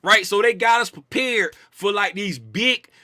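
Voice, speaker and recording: A man with a very high, bright, forceful voice hosts a casual market live stream from a close desk mic with a dry, tight sound. He talks in loose slang and jokes with his chat, circling back to repeat his points. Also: a little slow, dry recording. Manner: playful, animated, reads chat names aloud and shouts bits of it. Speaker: trading stream host.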